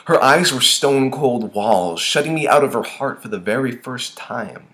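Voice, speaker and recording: A young man reading his own short story aloud, expressive with dramatic swings in tone. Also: mid-range voice. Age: young adult.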